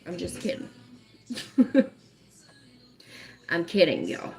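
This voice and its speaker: A woman's voice: lowish voice, wildly swooping pitch, slow, darkish tone. A woman hosting a casual livestream, joking, laughing often and swearing playfully. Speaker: livestream host.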